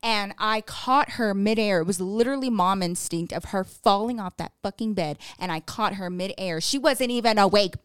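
Animated, teasing woman podcast co-host. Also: mid-range voice, moderate pace, few pauses, smooth, no room sound, clean studio sound. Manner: animated storytelling, profane and teasing. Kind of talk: casual chat.

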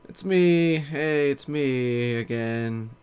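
A man's voice: medium pitch, extremely slow, a little mellow, clean tone. A man hosting a solo podcast from his desk, rambling casually with a self-deprecating, swearing manner. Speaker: podcast host.

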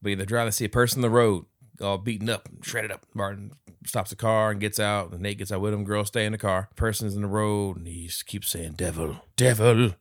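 A man's voice: lowish voice, fairly quick, no room sound, studio quality. A man co-hosting a casual movie review podcast, recapping scenes and acting out characters' lines with plenty of swearing. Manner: animated, acts out characters' lines, swears freely. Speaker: podcast co-host.

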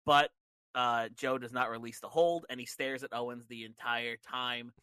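Bright-voiced man recapping events. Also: medium pitch, fairly even intonation, moderate pace, clean tone, rough recording. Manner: narrates events step by step with fillers. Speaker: podcast co-host. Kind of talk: casual chat, recapping a wrestling show.

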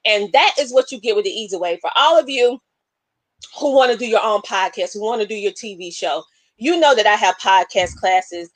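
A woman's voice: mid-range voice, normal speed, no echo. A woman hosting a live stream, talking casually, emotional and preacher-like. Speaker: live show host. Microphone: webcam.

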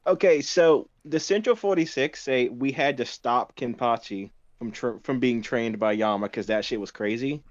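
A man co-hosting a casual podcast in a relaxed, easygoing way. His voice sits at an ordinary middle pitch. His audio comes through dull and lo-fi. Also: normal speed, hardly any pauses, no echo. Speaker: podcast co-host.

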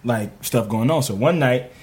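A man telling a funny story on a comedy podcast in casual chat, animated and laughing as he acts out loud voices. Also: medium pitch, normal speed, slightly rough. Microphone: studio podcast mic.

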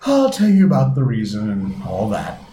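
A man voicing a melancholy, easily offended male mock turtle who speaks slowly and mournfully. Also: lowish voice, huge pitch swings, mellow. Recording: roomy with faint hiss.

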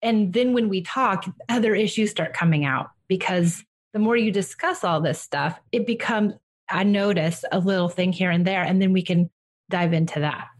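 A woman giving a parent calm, direct advice on handling a child's tantrums. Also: on the low side, normal speed. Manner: direct, reassuring, acts out what to say to children. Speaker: parenting coach. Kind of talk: advice session.

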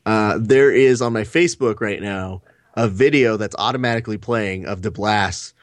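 A man's voice: fairly low pitch, moderate pace, no room sound. A man co-hosting a podcast, sarcastic and often acting out mock quotes. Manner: sarcastic, mock-quoting people. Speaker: podcast co-host. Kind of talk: casual chat.

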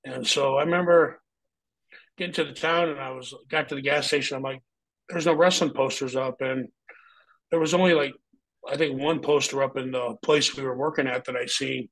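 A man's voice: mid-range voice, fairly even intonation, moderate pace, gravelly, fairly bright tone, low-quality recording. A middle-aged man, a former pro wrestler, telling a story as an interview guest in a blunt, heavily profane way.

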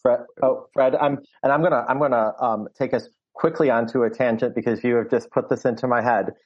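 A man's voice: medium pitch, fairly even intonation, brisk, muffled recording. A man co-hosting a podcast, talking through a film in casual chat with many restarts. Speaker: podcast co-host.

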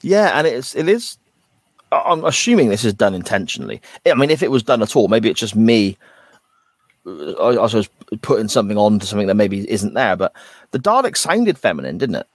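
A man's voice: lowish voice, sing-song, brisk, no room sound. A man co-hosting a podcast, thinking aloud and second-guessing himself while discussing a TV episode. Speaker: podcast co-host. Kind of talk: casual chat reviewing a TV episode.

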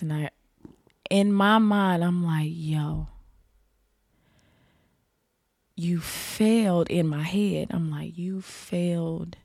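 Woman podcast guest, unhurried, vivid storyteller. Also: fairly low pitch, a little mellow, no room sound, studio quality. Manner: vivid storyteller, addresses listeners as y'all. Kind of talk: casual storytelling.

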